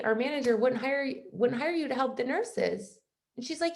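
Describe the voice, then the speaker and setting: A woman's voice: fairly high pitch, moderate pace. A young woman from Michigan, a guest speaker on a video call, telling her story in a casual, chatty way and saying "like" constantly. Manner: chatty, says "like" constantly, acts out quoted voices.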